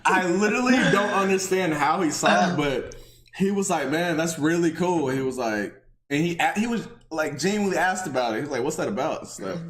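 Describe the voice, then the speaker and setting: A man's voice: fairly high pitch, animated, fairly quick, fairly bright tone. A Texan man hosting a podcast, telling a story in casual slang and laughing a lot. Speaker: podcast host. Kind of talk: casual chat. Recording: roomy echo.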